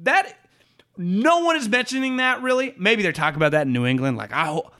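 A man co-hosting a casual sports betting chat, his slightly high voice swinging widely up and down as he rambles. He swears freely and laughs often, talking loosely and excitedly. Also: brisk. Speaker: sports betting podcast co-host.

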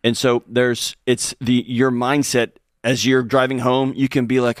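A man co-hosting a call-in advice show, casual and animated, telling stories and acting out quotes. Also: medium pitch, unhurried, no room sound, studio quality. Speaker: co-host, counselor.

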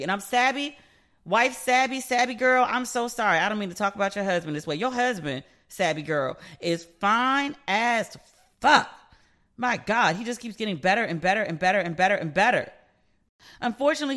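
A woman hosting her own podcast, chatting casually and frankly, swearing freely and acting out back-and-forth conversations as she tells stories. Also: medium pitch. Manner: frank, profane, animated storytelling with quoted back-and-forth. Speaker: podcast host. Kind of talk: casual solo podcast chat.

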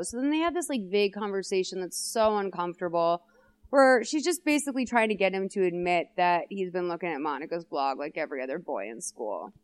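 A woman's voice: fairly low pitch, animated, a little fast. A young woman co-hosting a podcast in casual chat, retelling a film scene and slipping into the characters' voices. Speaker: podcast co-host.

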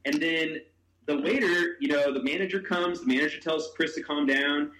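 A man's voice: on the high side, moderate pace, roomy sound, low-quality recording. A man telling a long funny story in casual chat, acting out what people said and laughing as he talks. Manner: animated storyteller, acts out quotes, laughs while talking.

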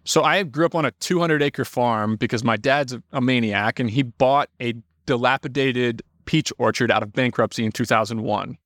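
A young adult man, a podcast guest, telling animated stories in casual talk, swearing freely and acting out quotes. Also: medium pitch, moderate pace, hardly any pauses, no echo, clean studio sound. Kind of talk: casual storytelling.

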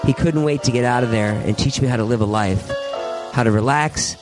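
A man's voice: medium pitch, fairly quick, over music, low-quality recording. A man, a guest on a podcast, reading his own poem aloud in an earnest, wry way. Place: home man cave.

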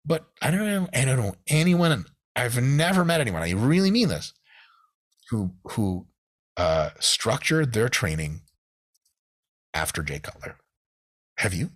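A man's voice: mid-range voice, sing-song, a little slow, pauses often. A man in casual podcast chat, ranting animatedly with plenty of swearing. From United States. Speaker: podcast guest.

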